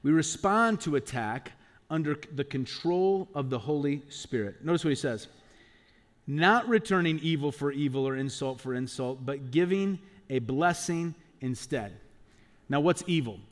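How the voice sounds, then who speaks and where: A man's voice: a little high, expressive, normal speed. A male pastor preaching a sermon, emphatic, with rhetorical questions and acted-out quotes.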